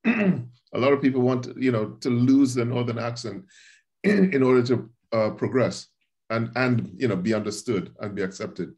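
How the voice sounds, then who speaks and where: A man in the class adds a comment, speaking calmly and clearing his throat between phrases. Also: mid-range voice, moderate pace. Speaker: class participant.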